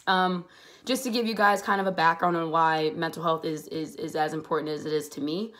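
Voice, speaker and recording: A woman in her twenties from the Pittsburgh area, speaking earnestly in a personal vlog, halting at first and growing more emphatic. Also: sits low, fairly even intonation, a bit bright. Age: 20s. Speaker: vlogger.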